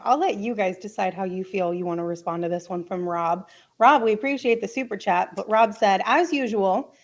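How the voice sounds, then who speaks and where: A woman co-hosting a casual sports podcast, upbeat and encouraging. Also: mid-range voice. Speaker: co-host.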